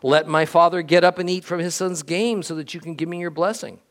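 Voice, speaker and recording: A man's voice: on the high side, steady tone, a little fast, pitched above the performer's own voice, close to an everyday voice. A man reading scripture aloud, voicing a grieving young man who was wronged as the firstborn, pleading and crying out. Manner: pleading, cries out.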